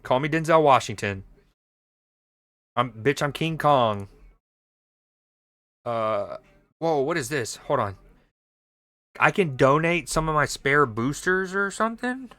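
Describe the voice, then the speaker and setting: A man's voice: fairly high pitch, expressive, slow pace, long pauses, bright, forceful tone, no echo. A young man streaming a mobile game, chatting casually and joking with his viewers as he plays. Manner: playful, jokey, reads chat aloud. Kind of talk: casual gaming stream chat.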